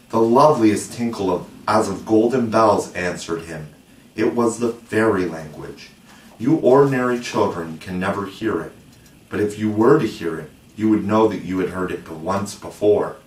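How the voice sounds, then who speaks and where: A man narrating a storybook in a measured, expressive way. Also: low-pitched. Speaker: audiobook reader. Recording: roomy, distant mic.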